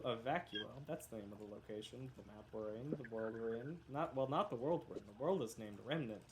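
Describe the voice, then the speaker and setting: A man hosting a tabletop role-playing stream, talking through the previous session in a meandering, self-correcting way. He sounds a bit under the weather, with coughs breaking in. There is a faint hiss of noise under his voice. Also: mid-range voice. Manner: rambling, self-correcting, joking. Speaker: game master. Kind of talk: casual tabletop game recap.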